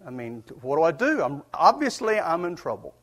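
A man's voice: fairly high pitch, sing-song, a little fast, a bit bright. A man preaching, telling a personal story in a folksy, earnest way with chuckles. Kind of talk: storytelling sermon.

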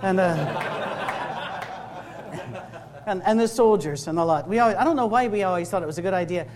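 A middle-aged man with a Scottish accent giving a humorous sermon-style talk to a live audience, conversational and full of quick asides. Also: high voice, a little hiss or hum. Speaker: campus ministry speaker. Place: workshop room with a live audience.

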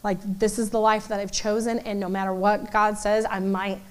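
A woman in her forties giving a conversational sermon to a church group, animated and acting out voices in asides. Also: mid-range voice, moderate pace, clean tone. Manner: animated, acts out quoted voices, loose asides. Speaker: church speaker.

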